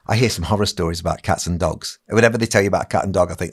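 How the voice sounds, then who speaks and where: Animated older man telling stories. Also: sits low, rapid-fire, husky. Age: 60s. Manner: animated storyteller who acts out other people's lines. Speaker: children's entertainer and magician, podcast guest. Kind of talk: casual anecdote telling on a podcast.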